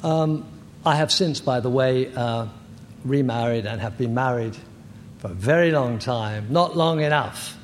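An older man in his sixties giving personal testimony as a recovery meeting speaker, halting, candid and self-deprecating. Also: medium pitch. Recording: echoey hall with faint noise.

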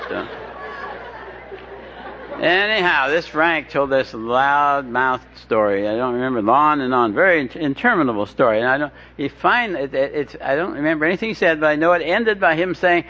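A man's voice: fairly high pitch, expressive, moderate pace, pushed and bright, a faint crowd. A man telling his recovery story with wry, self-deprecating humor, often stumbling and restarting his sentences. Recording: dull lo-fi recording with faint hiss.

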